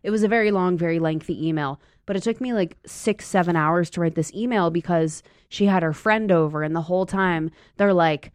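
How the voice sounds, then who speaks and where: A woman's voice: fairly low pitch, a little fast, few pauses, darkish tone, no room sound. A young woman chatting casually, telling stories and acting out kids' voices in quotes. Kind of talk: casual chat.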